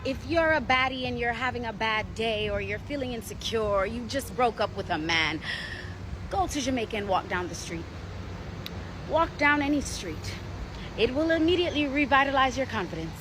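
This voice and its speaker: A woman with a fairly high voice delivers a comic monologue, confident and teasing. Clear background noise sits under her voice. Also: animated, normal speed. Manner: confident, teasing, advice-giving. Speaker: commentator to camera. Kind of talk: humorous monologue.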